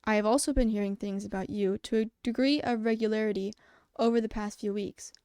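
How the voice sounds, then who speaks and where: A woman reading aloud and voicing a calm, formal male animal school principal who speaks in measured, polite, precise sentences. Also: medium pitch, smooth, no echo, studio quality, lightly acted.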